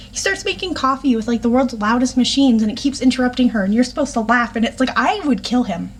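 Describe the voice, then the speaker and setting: A woman's voice: fairly high pitch, lively intonation, fast talker, breathy edge. A woman reviewing a book in a casual, sarcastic rant, swearing and exasperated.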